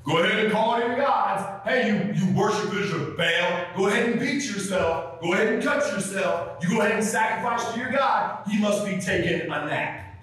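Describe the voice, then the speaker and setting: Elijah, a swaggering taunting prophet voiced by a preacher. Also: male voice, fairly high pitch, very animated, moderate pace, a bit bright. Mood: mocking. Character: bold mocking male prophet taunting rivals. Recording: very echoey church from far off.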